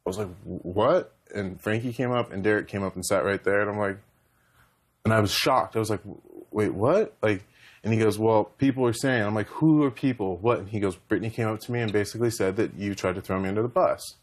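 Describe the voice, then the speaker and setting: A young man with a somewhat low voice talks through a heated confrontation. He rambles and gets emotional, often acting out what others said to him. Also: steady tone, fast. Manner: rambling, emotional, retells dialogue. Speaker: reality show contestant. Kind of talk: heated conversation.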